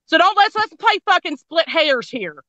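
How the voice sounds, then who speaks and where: A woman's voice: very high-pitched, big pitch swings, moderate pace, pushed and bright, no room sound, lo-fi sound. A woman in casual chat, ranting angrily and swearing constantly. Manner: angry, profane ranting.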